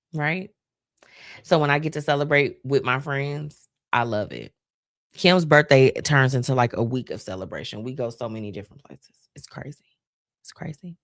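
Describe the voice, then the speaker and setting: A woman's voice: low-pitched, vocal fry, no room sound, clean studio sound. Heartfelt chatty woman hosting a live stream. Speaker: host. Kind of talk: casual live-stream chat.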